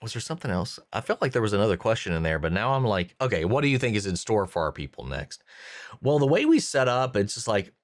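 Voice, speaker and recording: A man with a fairly low voice hosts a reaction channel, recorded dry with clean studio sound. He thinks out loud about an episode of a series in a casual review full of fillers and restarts.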